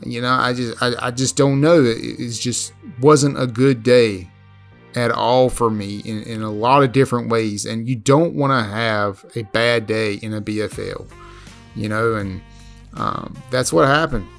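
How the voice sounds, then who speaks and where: A man narrating a voice-over recap of his own fishing tournament, halting and repeating words as he restarts. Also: medium pitch, gravelly, faint music behind. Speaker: fishing vlogger.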